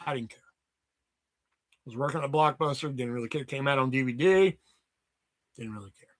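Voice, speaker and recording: A man in his thirties hosting a casual livestream, rambling and swearing as he tells animated stories. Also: medium pitch, normal speed. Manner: rambling, profane, animated storytelling. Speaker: livestream host.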